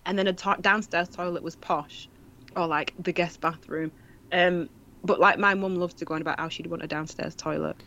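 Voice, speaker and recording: A woman's voice: lowish voice, steady tone, normal speed, creaky, pushed and bright, dull audio. A woman, chatting casually and jokily as a podcast co-host, swearing now and then. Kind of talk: casual chat.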